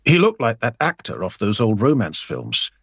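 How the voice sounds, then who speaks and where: A male audiobook narrator with a wry, expressive way of telling the story. His slightly husky voice rises and falls a lot, and the recording is dry and close. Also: fairly low pitch, moderate pace, no room sound.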